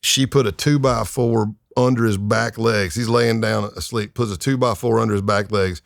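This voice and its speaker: As a podcast guest, a middle-aged man who used to work undercover for the FBI tells crime stories casually, chuckling often and filling pauses with fillers. He has a lowish, gravelly voice, a steady tone and normal speed. The podcast studio recording is studio quality and echo-free.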